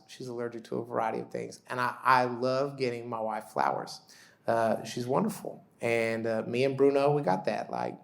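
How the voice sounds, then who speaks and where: A man's voice: medium pitch, gravelly. A man in his thirties giving a sermon-style talk at a conference, telling stories animatedly and joking at his own expense. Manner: animated storyteller, self-deprecating humor, acts out quotes. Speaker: conference speaker.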